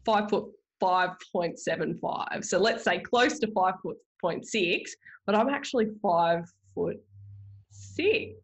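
A woman's voice: medium pitch, takes it slowly. A woman, hosting a podcast and telling a personal story in a chatty, rambling way full of ums and self-corrections. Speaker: podcast host. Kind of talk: casual storytelling monologue.

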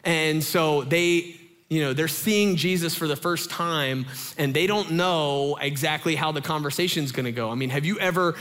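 A man in his thirties, a pastor giving a sermon in a chatty, animated storytelling way. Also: a little high, normal speed, long reverb tail. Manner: animated, conversational storytelling with lots of fillers.

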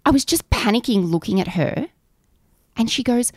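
A woman in her forties, co-hosting a podcast, telling animated stories in casual chat and swearing freely. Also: on the low side, moderate pace, gravelly, dry recording, studio quality. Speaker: podcast co-host.

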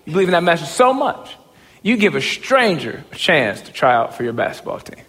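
A man giving a humorous, self-mocking storytelling talk as a motivational speaker, often breaking into excited shouts. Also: on the high side, brisk, in a large hall.

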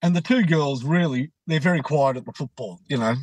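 Animated Australian man telling stories. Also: fairly high pitch, a little fast, poor audio. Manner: animated anecdote teller, acts out quotes. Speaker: co-host. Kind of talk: casual chat, storytelling.

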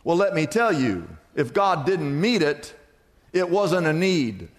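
A man preaching a sermon to a church, with dramatic phrasing that swoops from high to low and falls quiet. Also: very animated, a little hiss or hum. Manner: dramatic preaching, drawn-out phrases, sharp drops in pitch and loudness. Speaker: pastor. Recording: long reverb of a church hall.

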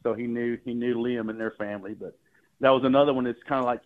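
A man talks quickly over a narrow, tinny phone line, his voice sitting at a mid pitch. He is a fishing guide calling into a radio show, and his stories ramble along with repeated words and easy chuckles. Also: fairly even intonation. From Texas Gulf Coast. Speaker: fishing guide and guest caller. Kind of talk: casual phone-in storytelling.

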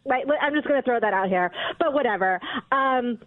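A woman with a high voice calls in to a radio show, defensive and peppering her speech with "like" and "um". She sounds thin and dry, as over a phone line. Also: animated, moderate pace, no echo. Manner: defensive, full of "like" and "um". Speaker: caller, mother.

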